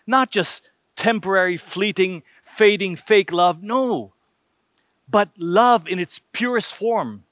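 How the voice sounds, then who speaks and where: A man's voice: high-pitched, fairly bright tone, no echo, clean studio sound. A man preaching a sermon emphatically, using rhetorical questions and numbered points.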